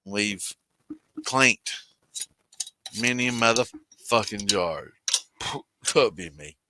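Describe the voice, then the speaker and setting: A man's voice: lowish voice, expressive, slow, background noise. Profane drawling man in his 60s. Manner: profane, rambling, calls out viewers by name. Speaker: host of a moonshine livestream. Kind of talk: casual livestream chat.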